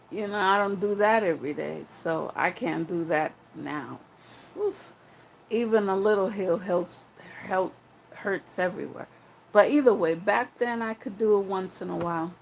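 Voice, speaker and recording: A young woman tells a personal story in a loose, frank way, swearing freely and circling back on herself. Her delivery is unhurried and drawn out. A slight fry runs under her words, and faint noise hums behind her. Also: mid-range voice, poor audio. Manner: rambling, frank and profane, with many restarts.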